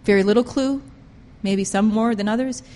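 A woman preaching a sermon with passion, pressing her points hard and swinging between loud emphasis and quiet intensity. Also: medium pitch, moderate pace, long reverb tail. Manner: impassioned, emphatic, rises and drops sharply in loudness.

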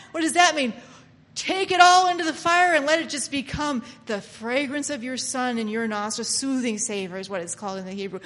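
Animated woman preacher with a high voice, echoey hall, acts out scenes. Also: fairly quick. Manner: dramatic, acts out voices, laughs often. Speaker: Bible teacher and preacher. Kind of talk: animated sermon-style Bible teaching.

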